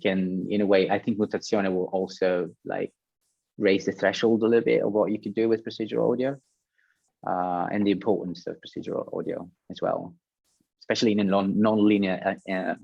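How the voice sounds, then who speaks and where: A man's voice: deep voice, fairly even intonation, a little fast, gravelly, breathy edge, dry recording, dull audio. A man, a guest sound designer, talking casually on a panel, hesitant with many fillers and restarts.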